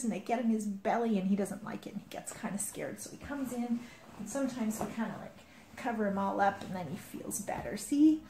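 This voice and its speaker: A woman with a fairly high, mellow voice chats casually to young children, with easy fillers along the way. The room is echoey, with faint ambient noise behind her. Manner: chatty, with fillers like "like" and "kinda". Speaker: early years educator. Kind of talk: casual talk and singing to children.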